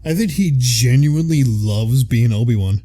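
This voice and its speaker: Mellow Midwestern man, rambling fan chat. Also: mid-range voice, normal speed. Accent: Midwestern American. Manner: rambling, enthusiastic, lots of fillers. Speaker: podcast co-host. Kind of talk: casual chat.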